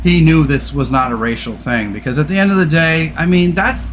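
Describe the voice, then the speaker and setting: Animated, higher-pitched podcast host man. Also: fairly quick, slight background noise. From California. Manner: animated, swears, laughs often. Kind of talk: casual chat.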